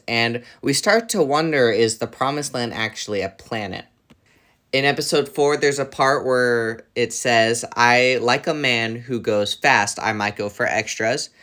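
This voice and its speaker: Guy reviewing a show, earnest, lists stuff, bright tense voice. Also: medium pitch. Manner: earnest, listing, hesitant with fillers. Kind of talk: casual review commentary.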